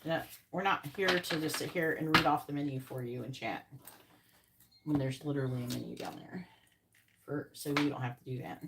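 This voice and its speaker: Blunt, low-voiced woman tarot reader. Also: moderate pace, very noisy. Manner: blunt, swears, talks straight to viewers. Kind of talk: casual live-stream chat.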